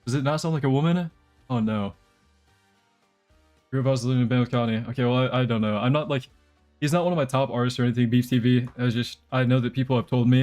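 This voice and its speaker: Young man, game streamer, casual live chat, rambling and joking, mid-pitched voice, faint music behind. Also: fast talker, a little mellow. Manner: rambling, joking, talks to chat while playing. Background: faint background music.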